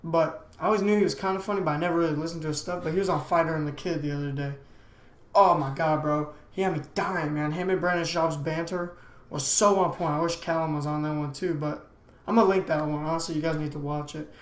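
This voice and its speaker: Talking quickly in a steady, slightly high voice, a young American man hosts his casual solo podcast. He rambles in loose slang full of "dude" and "man," and the room sounds echoey.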